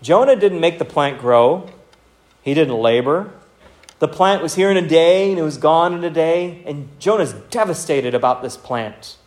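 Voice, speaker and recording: Earnest male preacher, slightly high voice. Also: lively intonation, moderate pace, a little mellow. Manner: earnest, teacherly, addressing listeners directly. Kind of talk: expository sermon.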